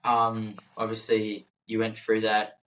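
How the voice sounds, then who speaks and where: A man's voice: lowish voice, monotone, slow pace, a bit bright, rough recording. A young man co-hosting a podcast, speaking casually and hesitantly, with lots of fillers and easy laughter. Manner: hesitant, many fillers and restarts, laughs easily. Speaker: podcast co-host. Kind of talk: casual chat.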